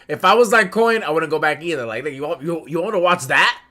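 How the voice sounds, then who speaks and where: A man co-hosting a podcast in loose, jokey casual chat, often bursting into loud put-on voices. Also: a little high, expressive, quick pace. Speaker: podcast co-host.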